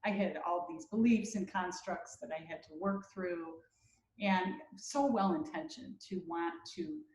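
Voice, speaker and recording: A woman's voice: fairly low pitch, measured pace, darkish tone, roomy sound, low-quality recording. A middle-aged woman, a mother co-hosting a webinar, reflecting in casual conversation. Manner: chimes in with short reactions and laughs.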